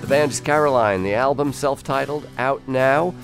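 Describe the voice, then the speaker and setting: A man hosting a radio music program. He interviews a band and closes the show in a measured, deliberate announcer's way. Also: mid-range voice. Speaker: radio host. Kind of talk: broadcast interview and sign-off. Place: radio studio. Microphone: studio microphone.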